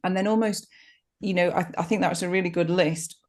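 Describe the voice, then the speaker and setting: A woman in her forties co-hosting a coaching podcast, giving gentle, practical advice in a casual way. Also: fairly low pitch, steady tone, fairly quick.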